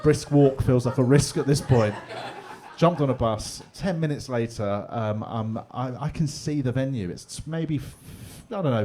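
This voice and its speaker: A man's voice: mid-range voice, mellow. A comedian on a handheld mic in a pub back room, telling a stand-up story in a loose, chatty way. He drops in laughing asides and keeps the crowd in on it. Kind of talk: stand-up set.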